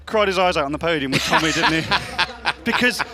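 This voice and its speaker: A male co-commentator, a little out of breath, telling quick stories on a live broadcast. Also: on the high side, expressive, pushed and bright. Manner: quick storytelling, teasing. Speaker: rallycross co-commentator. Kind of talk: casual live broadcast chat.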